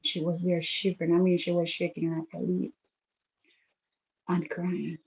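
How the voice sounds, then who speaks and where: A woman telling an emotional personal story in a halting way, restarting and repeating her sentences. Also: lowish voice, monotone, vocal fry, darkish tone, muffled recording.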